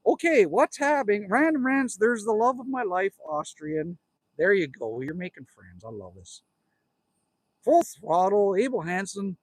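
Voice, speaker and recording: A man's voice: high voice, lively intonation, a little slow, no room sound. A Canadian man in his fifties, chatting casually on a livestream from his cabin, reading out viewer comments and joking with them in a rambling way. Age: 50s. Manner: rambling, jokey, talks straight to viewers. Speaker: livestream host. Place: outdoors at a cabin.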